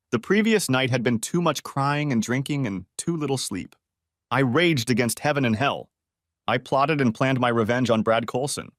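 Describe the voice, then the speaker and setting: A man reading a first-person story aloud as a channel narrator, in a steady, even manner. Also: medium pitch, no echo, studio quality.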